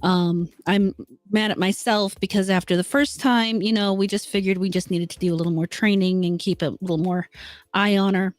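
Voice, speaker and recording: A woman's voice: mid-range voice, steady tone, normal speed, no room sound. A woman co-hosting a casual talk show, telling a personal story candidly and getting emotional at times. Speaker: co-host. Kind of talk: casual chat.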